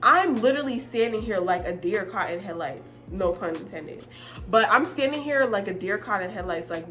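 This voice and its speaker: A woman vlogger telling a dramatic personal story in an animated, expressive, casual way, swearing often. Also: mid-range voice, moderate pace, soft background music. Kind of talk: storytime vlog.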